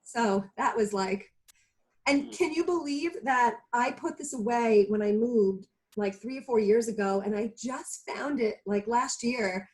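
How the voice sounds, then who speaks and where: A woman's voice: fairly high pitch, unhurried, darkish tone, low-quality recording. A woman chatting earnestly and effusively on a talk show over a video call, with many fillers. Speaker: regular of a women's talk show. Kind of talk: casual heartfelt chat.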